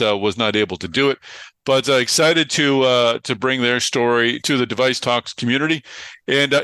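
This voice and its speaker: A man's voice: mid-range voice, pushed and bright, clear, resonant tone, no echo. A man hosting a podcast, talking in a loose, casual way with frequent fillers. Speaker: podcast host.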